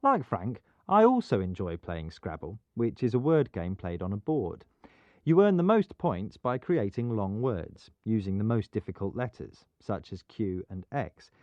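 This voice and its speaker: A man presenting an educational programme, explaining things clearly in scripted narration. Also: lowish voice, sing-song, unhurried, dry recording. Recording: dull, dry studio sound.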